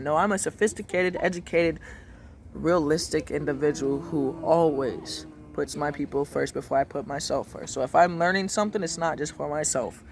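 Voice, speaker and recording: Guy ranting hard, swears constantly, keeps repeating himself, pretty high voice. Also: a little hiss or hum. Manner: emphatic, swears a lot, repeats phrases. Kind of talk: casual profane rant.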